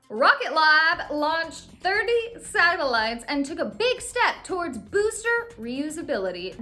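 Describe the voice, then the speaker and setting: A woman's voice: sits high, pushed and bright. A young woman hosting a casual scripted news recap, cracking playful jokey asides. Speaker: host.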